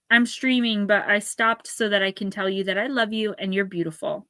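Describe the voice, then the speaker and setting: A woman's voice: mid-range voice, fairly even intonation, normal speed, fairly bright tone, dry recording. A woman giving an oracle card reading on a live stream, speaking earnestly and caringly to her viewers by name.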